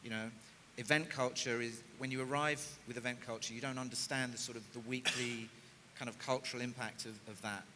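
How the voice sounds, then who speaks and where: A man speaking on a music industry panel in a thoughtful, measured way. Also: mid-range voice, fairly even intonation. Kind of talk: panel discussion. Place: conference stage in a large hall. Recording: hall reverb, faint noise.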